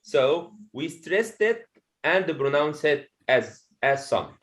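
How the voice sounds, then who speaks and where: A man teaching a pronunciation lesson to a classroom of students, explaining slowly, repeating each point and checking in with "okay?". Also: on the high side, animated, fairly bright tone. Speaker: English teacher.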